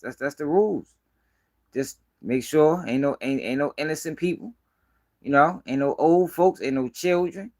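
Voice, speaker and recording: A man's voice: on the high side, normal speed, a little mellow. Blunt, profane man ranting. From Baltimore. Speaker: street news commentator. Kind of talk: casual live-stream commentary.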